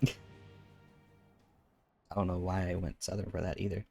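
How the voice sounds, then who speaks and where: A male streamer gives casual let's-play commentary in a lowish voice. He chats, thinks out loud and reads game dialogue while faint game music plays behind him. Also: lively intonation, normal speed, gravelly, pauses often. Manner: chatty, muses aloud and reads game lines.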